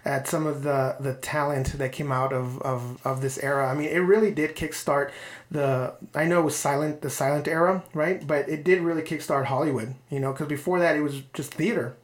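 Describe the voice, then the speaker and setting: A man's voice: a little high, fairly even intonation, a little fast. A man co-hosting a casual podcast, rambling about old films, repeating words and laughing often. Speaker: podcast co-host. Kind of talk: casual chat.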